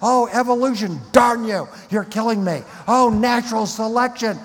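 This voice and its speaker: A man voicing an angry, exasperated man who curses a God he says he denies, in shrill, mocking outbursts. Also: normal speed, fairly bright tone. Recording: long hall reverb.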